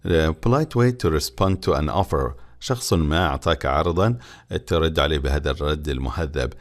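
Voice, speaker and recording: Arabic-native male English teacher, very low voice, quick and lively delivery. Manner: explains each line, switching languages. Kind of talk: bilingual textbook lesson.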